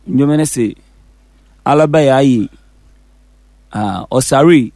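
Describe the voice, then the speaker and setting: A man with a Ghanaian accent, a musician guest telling the story of his songs in a relaxed, casual interview. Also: mid-range voice, takes it slowly, no echo, clean studio sound. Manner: relaxed storytelling, mixing English and Fante.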